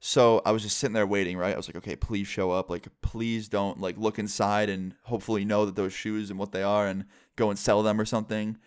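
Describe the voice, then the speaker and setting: Excitable young man telling a story. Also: on the low side, fairly quick, hardly any pauses, smooth, no room sound, clean studio sound. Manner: excitable, rambling, lots of "like". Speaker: vlogger. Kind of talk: casual storytime.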